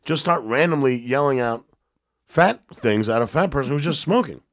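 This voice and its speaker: In a casual podcast conversation, a guest comedian tells lively stories, stumbling and restarting along the way. His voice is medium in pitch and moves at a normal speed.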